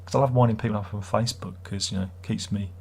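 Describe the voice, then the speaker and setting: Husky, teasing middle-aged man. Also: lowish voice, fairly even intonation, fast, a little mellow. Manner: sarcastic, rambling, teasing. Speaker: livestream host. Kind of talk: casual livestream chat reading comments.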